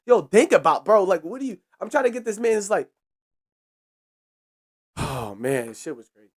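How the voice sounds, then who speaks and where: A young man hosts his podcast with a loose, profane storytelling rant. His pitch jumps up and drops low as he acts out the scene, and he keeps breaking into laughter. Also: normal speed, long pauses. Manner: animated, profane, laughs while telling. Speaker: podcast host.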